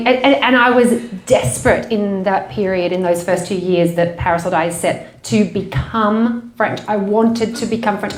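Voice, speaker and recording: A woman with an Australian accent, an author talking casually at a bookshop event, animated and laughing often. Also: mid-range voice, roomy sound. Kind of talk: conversational bookshop talk.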